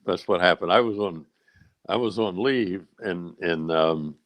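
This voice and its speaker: Older man with a low, halting storytelling voice. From Charleston, South Carolina. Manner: rambling, halting storyteller with many fillers. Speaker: guest, retired rear admiral. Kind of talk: casual storytelling interview.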